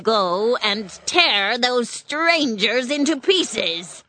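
A woman voicing a cruel, furious old witch in a storybook reading, giving slow, drawn-out commands. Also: a little high, animated, sharp tone, slight background noise, voice pushed up, exaggerated voice. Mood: cold.

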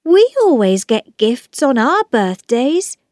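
A woman's voice: on the high side, very animated, slow pace, a little mellow, dry recording, voice pushed up. Storybook reading: an earnest young boy, read by a woman, raised voice, dry sound.

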